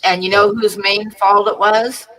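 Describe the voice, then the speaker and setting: A woman's voice: mid-range voice, flat delivery, unhurried, a bit bright, rough recording. A woman who hosts a livestream and chats lightly, giggling as she talks. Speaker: channel host. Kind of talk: casual group chat on a livestream.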